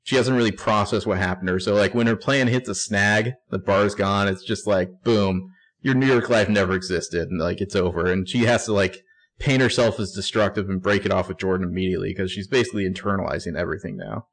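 A man's voice: lowish voice, a little fast. A man co-hosting a casual show recap, narrating scenes with wry asides. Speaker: podcast co-host.

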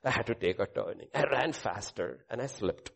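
A middle-aged male pastor preaching a sermon with a personal testimony, swinging between loud proclamation and hushed asides. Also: on the low side, normal speed, creaky, breathy edge.

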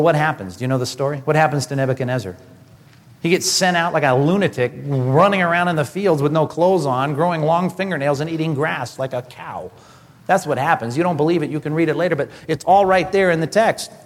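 A man's voice: fairly high pitch, brisk. Emphatic preacher man in a reverberant hall. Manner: emphatic preaching, rising animated peaks. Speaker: pastor. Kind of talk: sermon.

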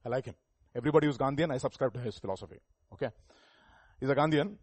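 A man preaching a sermon, emphatic, swinging between loud and soft, asking the listeners rhetorical questions. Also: mid-range voice, rapid-fire, husky, no echo. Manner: emphatic, rising and falling volume, rhetorical questions.

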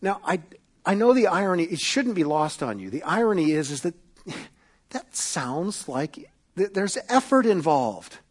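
A man preaching a sermon as pastor, swinging from loud emphatic peaks to quiet asides, with frequent restarts. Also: sits high, expressive, a little slow. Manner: retells stories with quoted voices, self-correcting restarts.

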